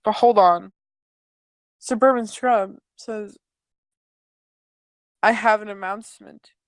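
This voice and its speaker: Slow, sardonic woman narrator. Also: mid-range voice, no echo. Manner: sardonic asides. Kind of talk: comedic reading of chat logs.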